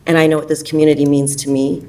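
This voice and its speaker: A woman's voice: deep voice, level tone, fast, warm tone, far from the mic, poor audio. Nervous, emotional woman pleading at council. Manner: heartfelt, pleading. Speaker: public commenter. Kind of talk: unprepared public comment.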